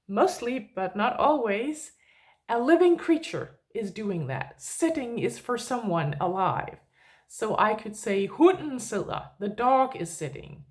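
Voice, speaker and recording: A woman with a Danish accent teaching a language lesson for her online channel, explaining in a friendly, patient way. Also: a little high. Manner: friendly explanatory, slow and deliberate.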